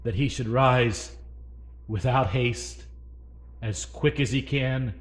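The man giving this sermon speaks slowly in a mid-range voice. His delivery shifts between forceful emphasis and whispered asides, and he poses questions to the congregation.

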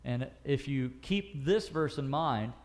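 Speaking at a medium pitch with animation, he reads scripture slowly while teaching a Bible passage verse by verse. He questions his listeners and frequently pauses on fillers or corrects himself.

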